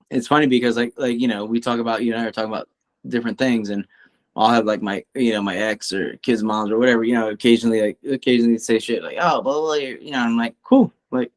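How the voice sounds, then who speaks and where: A man co-hosting a podcast in a casual chat, swearing a lot and rambling, his voice climbing when he gets worked up. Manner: profane, rambling, animated, rising pitch when worked up. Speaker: podcast co-host; coach.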